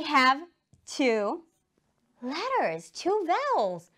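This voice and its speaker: A woman with an Israeli accent, an English teacher giving a slow, emphatic lesson to young children and enunciating words for them to repeat. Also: high-pitched, sing-song. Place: studio.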